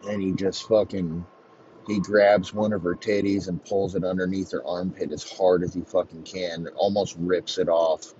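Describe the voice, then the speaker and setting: Deep-voiced man, podcast host, crude rambling sports rant; lo-fi, slightly muffled. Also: flat delivery, moderate pace, warm tone, a little hiss or hum. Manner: profane, rambling.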